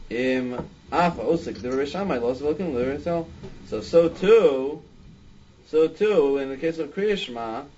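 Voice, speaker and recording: A man's voice: mid-range voice, warm tone, highs cut off, a little hiss or hum. A man leading a Talmud study class, thinking aloud with frequent restarts and "I mean". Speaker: Talmud teacher.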